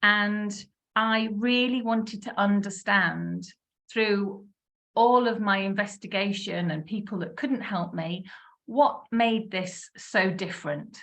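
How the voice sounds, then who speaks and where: A woman in her fifties telling her own health story in a casual, animated way, laughing often and acting out what she once said. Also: mid-range voice, slow pace. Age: 50s. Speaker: wellness speaker sharing her story. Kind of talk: casual testimonial talk.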